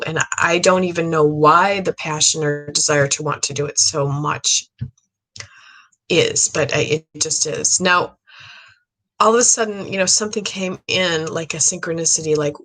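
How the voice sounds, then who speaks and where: A woman's voice: low-pitched, fairly bright tone. A woman speaking as a psychic medium in a casual monologue, earnest and rambling, with many fillers and restarts, sounding tired. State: tired, low stamina.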